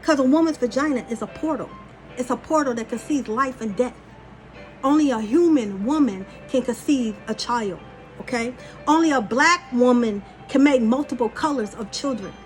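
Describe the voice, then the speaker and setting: Blunt, profane woman with a high voice. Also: moderate pace, faint music behind. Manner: blunt, profane, rambling storytelling. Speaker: spiritual channeler. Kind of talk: casual spiritual monologue.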